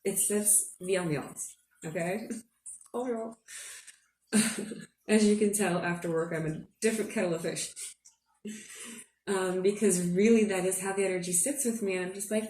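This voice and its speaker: A woman's voice: mid-range voice, fairly even intonation, a little slow, long pauses, darkish tone, far from the mic. A woman giving a casual spiritual forecast, chatty and giggly, often checking in with "okay?". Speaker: astrology forecaster. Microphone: headphones. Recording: roomy echo, a bit off-mic, faint room hum.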